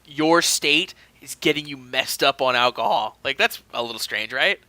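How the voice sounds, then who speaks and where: Bright-voiced giggly man co-hosting. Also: medium pitch, animated, normal speed. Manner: giggly, self-mocking banter. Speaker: podcast co-host. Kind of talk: casual chat.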